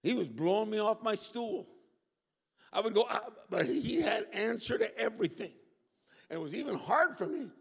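Preacher, male, high voice, gravelly tone, animated sermon delivery. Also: moderate pace. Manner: lively preaching with call-and-response asides. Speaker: pastor. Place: church hall. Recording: reverberant hall.

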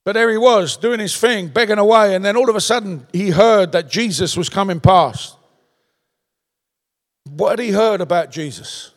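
A man's voice: high voice, moderate pace, in a large hall. A man preaching a sermon in a conversational way, tossing out rhetorical questions in a large church.

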